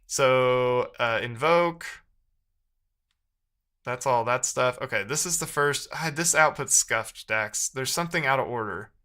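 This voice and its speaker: With a sharp tone and a mid-range voice, this man talks at a measured pace. He's debugging code on a live stream, reasoning aloud and trading sarcastic banter with viewers in relaxed coding commentary.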